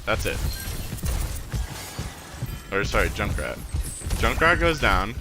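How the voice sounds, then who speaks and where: A man's voice: lowish voice, sing-song, slow, music in the background. A young man streaming, reviewing a match replay in casual commentary, blunt and frustrated, swearing freely.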